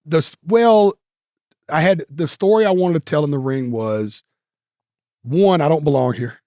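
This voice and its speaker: A man's voice: a little high, a little slow, warm tone, no echo, studio quality. A male guest telling stories in a casual interview, rambling with many fillers and restarts. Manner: rambling, filler-heavy, with self-corrections.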